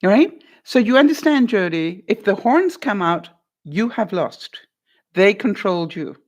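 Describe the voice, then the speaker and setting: A woman hosts an advice vlog, coaching a guest through a hard conversation in a mid-pitched voice. She is encouraging and playful, laughs often, and keeps checking in with "all right?" and "makes sense?". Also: expressive, unhurried, darkish tone, muffled recording. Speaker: vlogger giving life advice.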